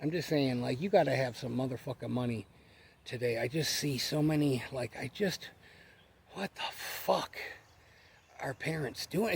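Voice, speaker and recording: A man's voice: mid-range voice, a little mellow, slight background noise. A man in his forties giving a blunt, profane casual rant to the camera, repeating himself for emphasis. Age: 40s. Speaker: vlogger.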